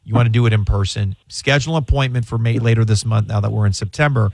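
A man's voice: lowish voice, steady tone, quick pace, vocal fry, darkish tone, no room sound. A middle-aged man hosting a radio call-in show, giving advice in a rambling way with many fillers and repeated words. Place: radio studio. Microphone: studio mic.

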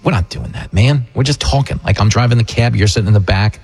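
A man's voice: lowish voice, quick pace, darkish tone, breathy edge. A middle-aged man hosting a political talk radio show, delivering a sarcastic, mocking monologue that slips into put-on voices.

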